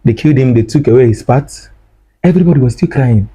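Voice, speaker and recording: A man's voice: mid-range voice, fast talker, dark tone, husky, low-quality recording. A man, telling a personal story in an emotional way, repeating his phrases. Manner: repeats phrases, acts out dialogue. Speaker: guest recounting his ordeal.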